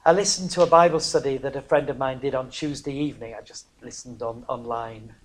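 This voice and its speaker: A preacher, giving a sermon that swings from hushed near-whispers to loud, emphatic cries, broken by chatty, self-mocking asides. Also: mid-range voice, fairly even intonation, fairly quick. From northern England.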